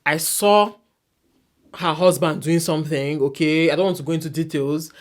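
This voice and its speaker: A woman's voice: sits low, moderate pace. A woman with a Nigerian accent hosting a commentary vlog, speaking bluntly and emphatically to camera. She mixes pidgin into casual talk and often ends points with "okay?". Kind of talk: casual opinion monologue to camera.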